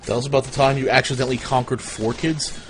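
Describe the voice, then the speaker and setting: A man's voice: medium pitch, steady tone, quick pace, a little hiss or hum. A young man streaming a game, telling absurd, profane tall tales in a casual, matter-of-fact way at his computer. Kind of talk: casual storytelling while gaming.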